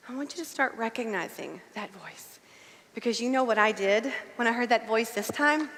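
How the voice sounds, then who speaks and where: High-voiced woman speaking in a reverberant hall. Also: lively intonation, moderate pace. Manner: emphatic, swings between shouting and hushed intimacy. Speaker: sales director giving a keynote speech. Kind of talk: motivational stage speech.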